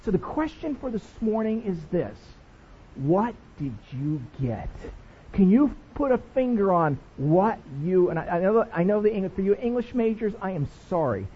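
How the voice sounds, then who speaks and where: A man's voice: sits high, very animated, moderate pace, slight background noise. A man preaching a sermon as pastor, playful and jokey with his congregation. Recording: dull lo-fi recording.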